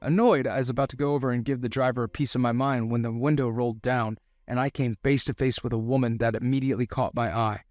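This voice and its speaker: A man narrating a first-person romance story in a steady scripted delivery. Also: medium pitch, quick pace, few pauses, no echo, studio quality, faint music behind.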